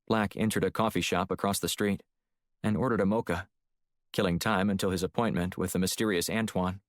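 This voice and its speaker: A man narrating a thriller audiobook with steady, even storytelling. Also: sits low, brisk, no echo, studio quality. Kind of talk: scripted narration.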